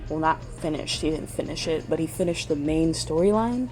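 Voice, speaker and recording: A woman's voice: sits low, normal speed, darkish tone, soft background music. A woman chatting casually in a vlog, rambling and swearing freely and trailing off mid-sentence. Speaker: vlogger.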